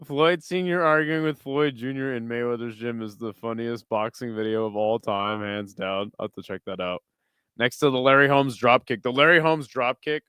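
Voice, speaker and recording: A man's voice: mid-range voice, moderate pace, bright, forceful tone, clean tone, no room sound. A young man streaming who chats with his viewers while watching videos, laughs often, swears freely and tells stories with animation.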